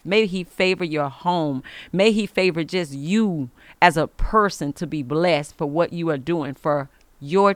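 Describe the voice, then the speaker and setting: A woman's voice: deep voice, a bit bright, clean tone, dry recording. A woman hosting an inspirational faith podcast, speaking emphatically in the manner of a preacher and giving blessings. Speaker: podcast host.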